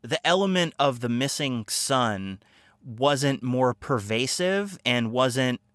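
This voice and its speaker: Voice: medium pitch, animated, slow, fairly bright tone, no room sound, studio quality. A podcast co-host discussing a film in casual chat, rambling and laughing often.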